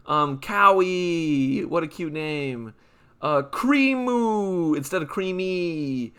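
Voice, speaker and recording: Young man, fairly high and crisp, for a comedy list-read: stretch each name, then rattle off the punchline. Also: fairly bright tone. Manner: rambling punny asides between names; drawn-out name reads with quick offhand quips. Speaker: comedy channel host. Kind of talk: comedic list-reading of nicknames.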